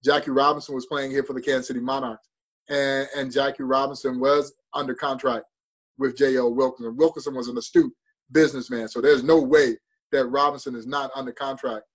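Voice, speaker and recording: A man's voice: mid-range voice, level tone, a little fast, poor audio. A man telling a story with passion and drama as a guest on a talk show. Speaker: baseball museum guest. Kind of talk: storytelling interview.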